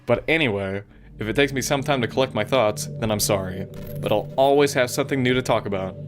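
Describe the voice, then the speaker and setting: A man reading aloud the lines of a sweet, possessive young female club president, gentle and self-conscious, later pleading. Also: mid-range voice, quick pace, noisy background, lightly acted. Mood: affectionate. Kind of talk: reading game dialogue aloud.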